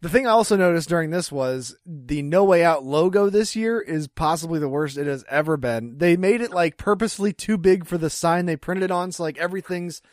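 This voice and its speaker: A man's voice: on the high side, brisk, hardly any pauses, dry recording, clean studio sound. A man co-hosting a podcast in casual chat, chatty and often laughing. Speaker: podcast co-host.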